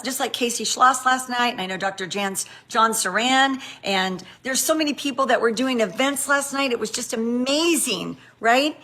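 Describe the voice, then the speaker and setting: Sassy, animated woman giving a pep talk. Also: on the high side. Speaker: network marketing trainer. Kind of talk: motivational training talk.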